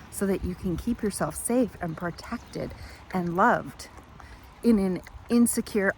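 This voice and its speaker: A woman giving a reflective self-help monologue, speaking in slow, measured, repetitive phrases. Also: mid-range voice, a little hiss or hum, rough recording.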